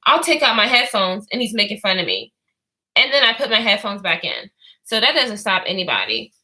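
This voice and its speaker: A woman's voice: mid-range voice, sing-song, fairly quick, pushed and bright, poor audio. A woman vlogger telling a rambling story in casual talk, full of fillers and swearing.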